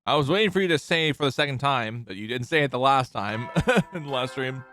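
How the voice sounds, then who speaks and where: A man's voice: mid-range voice, expressive, a little fast, a bit bright. A man streaming a game who reads the story text aloud and chats in a rambling way, laughing easily. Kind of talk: casual play-along narration of a visual novel.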